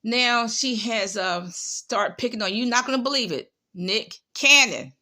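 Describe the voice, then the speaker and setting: A woman's voice: on the high side, lively intonation, measured pace, bright, forceful tone. A woman giving casual commentary on online prophets, sarcastic and scolding, often repeating herself and tagging lines with "okay?".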